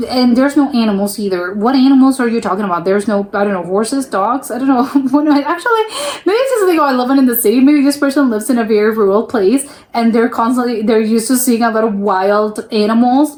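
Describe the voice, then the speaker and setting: A chatty young woman from the US talks through a reaction video in a casual, unscripted way. Her voice sits a little high, and her thoughts wander and double back before she finds the point. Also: a little mellow. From United States. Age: young adult. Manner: rambling, self-interrupting, laughs often.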